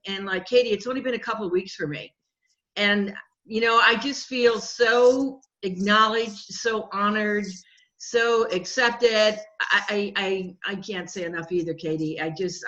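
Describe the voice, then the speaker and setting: A woman's voice: mid-range voice, normal speed, fairly bright tone, dull audio. A woman coaching client giving an earnest, emotional testimonial on a group video call, often stumbling and repeating words. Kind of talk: heartfelt spoken testimonial.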